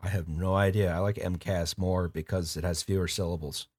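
A man's voice: low-pitched, fairly even intonation, a little fast, darkish tone, slightly rough, no room sound. A man co-hosting a casual podcast, explaining things plainly with dry jokes. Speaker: podcast co-host. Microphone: remote call mic.

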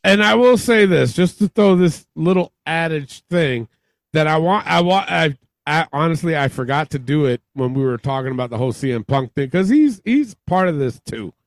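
A man's voice: a little high, lively intonation, moderate pace, no room sound, rough recording. A man co-hosting a podcast in loose, rambling chat with plenty of swearing. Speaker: podcast co-host. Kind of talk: casual chat.

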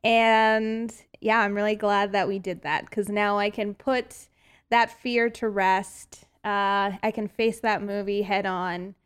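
A woman's voice: medium pitch, little pitch movement, slow pace, smooth. A woman co-hosting a podcast, reviewing a horror movie in casual chat, with lots of fillers and giggles. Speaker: podcast co-host.

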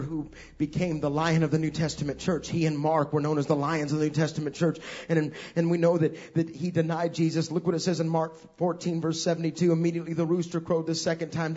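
A male preacher giving a sermon, swinging from hushed passages to loud, fervent ones. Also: on the high side, level tone, fast talker, hardly any pauses, dull audio.

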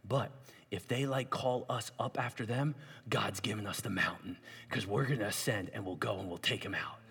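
A bold young warrior prince, dropping his voice low and hushed to lay out a daring plan, as a preacher puts him on. The tone is husky and rings in a long hall reverb. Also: moderate pace. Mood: scheming.

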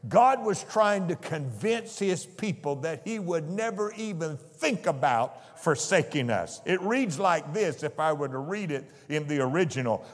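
A man preaching a sermon with slow, emphatic delivery that builds in intensity. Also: a little high, lively intonation, big-room sound.

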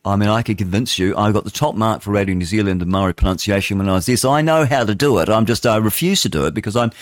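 A man's voice: lowish voice, fast, no room sound, studio quality. Rambling English male radio host. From England. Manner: rambling, chatty, jokey, opinionated, stumbles over words. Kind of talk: casual talk radio, news and opinion. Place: radio studio.

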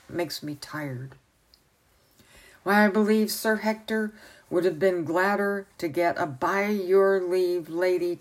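A woman voicing a testy old male wizard who speaks impatiently and scornfully. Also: fairly low pitch.

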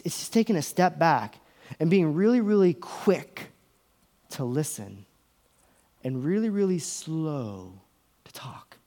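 A man preaching as a pastor, slowing down on key words, pausing for effect and acting out inner voices that range from whispers to raised exclamations. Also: on the high side, a little mellow. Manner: dramatic pauses, slows down for emphasis. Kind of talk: sermon.

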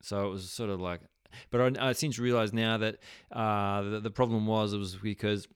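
Young Australian man, casual storyteller, rambling and sweary; clear, lowish voice. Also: fairly even intonation, normal speed, no echo, clean studio sound. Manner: rambling, many fillers, swears freely.

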